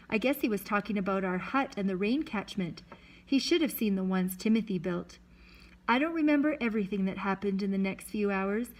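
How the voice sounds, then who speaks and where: A woman reading a novel aloud to listeners, lifting her voice for shouted dialogue. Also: mid-range voice, rough recording. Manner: lively, lifts voice for shouted dialogue. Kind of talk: read-aloud storytelling.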